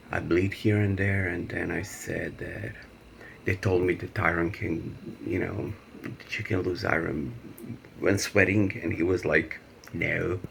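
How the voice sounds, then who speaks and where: Male vlogger, very deep gravelly voice, rambling and emotional, faint background hiss. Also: fairly bright tone. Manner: emotional, rambling, laughs nervously. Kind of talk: personal video diary.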